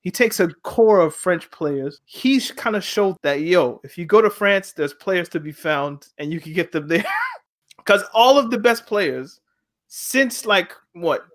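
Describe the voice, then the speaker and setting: A man talking football with a friend in a relaxed, casual debate. He is animated and keeps building his point through rhetorical questions. His voice sits a little higher than most men's. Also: unhurried. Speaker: podcast co-host.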